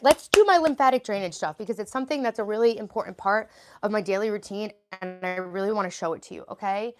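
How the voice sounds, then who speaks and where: Chatty woman with a gravelly voice. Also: mid-range voice. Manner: chatty, rambling, answers viewer comments on the fly. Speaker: livestreaming vlogger mom. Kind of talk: casual livestream chat answering viewers. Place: at home, cluttered room.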